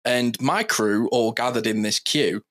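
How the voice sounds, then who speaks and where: A man's voice: mid-range voice, unhurried, a bit bright. A man co-hosting a podcast, chatting casually with a playful, joking manner. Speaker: podcast co-host. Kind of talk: casual chat.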